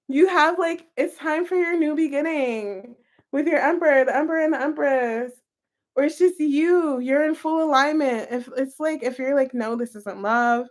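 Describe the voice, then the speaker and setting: A woman's voice: high-pitched, moderate pace. A woman giving a casual tarot reading to camera, chatty and gushing, talking straight to her viewers. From United States. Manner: gushing, chatty, full of "like" and "you guys". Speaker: tarot reader.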